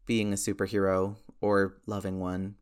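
A man's voice: low voice, monotone, moderate pace, clear, resonant tone, lightly acted. A man doing a cocky teasing soldier. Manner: teasing, wisecracking.

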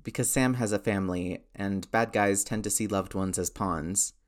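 A man's voice: lowish voice, normal speed, close to an everyday voice. A man doing an earnest old-fashioned soldier.

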